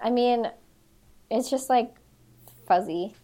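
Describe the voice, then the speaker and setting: A woman co-hosting a podcast, chatting in a relaxed, agreeable way with plenty of fillers. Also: on the high side, slow. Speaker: podcast co-host. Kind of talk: casual chat.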